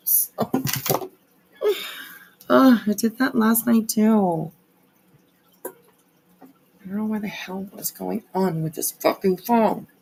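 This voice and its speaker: Give me a woman live streamer rambling slowly with fillers and swearing, low and gravelly. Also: a little mellow, slight background noise. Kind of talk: casual livestream commentary.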